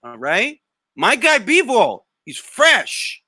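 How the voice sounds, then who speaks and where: Man, high lively voice, bright and forceful, blunt slangy host, dry close sound. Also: slow, no room sound. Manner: animated, blunt, slangy, swears. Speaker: boxing talk show host. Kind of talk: live Q&A reading chat comments.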